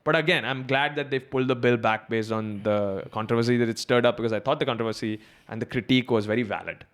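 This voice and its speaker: A man with a South Mumbai English accent, co-hosting a casual podcast discussion in an animated, conversational way that breaks into laughter easily. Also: medium pitch, fast talker, clear, resonant tone. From India. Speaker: podcast co-host.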